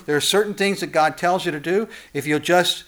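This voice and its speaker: Reading scripture as part of a brisk, impassioned sermon, a pastor lets his voice rise high and loud for warnings, then sink low and soft.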